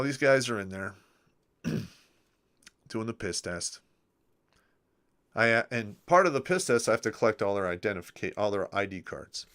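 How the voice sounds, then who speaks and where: A middle-aged man hosts a livestream, casually telling crude, joking army stories and reading out viewer comments. His medium-pitched voice is a bit bright, with a clear, resonant tone, and his phrases often trail off at the end.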